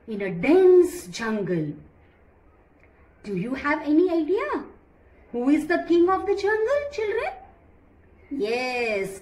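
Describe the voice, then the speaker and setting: A woman teacher telling a children's story in an animated way, often asking the children questions. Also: fairly high pitch.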